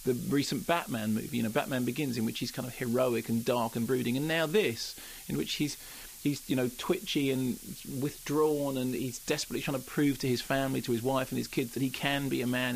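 Fast-talking jokey film critic. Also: male voice, mid-range voice, creaky, a little hiss or hum, poor audio. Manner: animated, jokey, acts out quotes. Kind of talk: radio film review chat.

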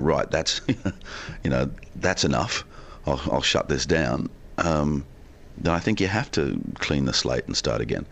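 Very deep-voiced man on a radio interview. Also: gravelly. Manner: relaxed, expansive storyteller. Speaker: film actor guest. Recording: down the line from a hotel.

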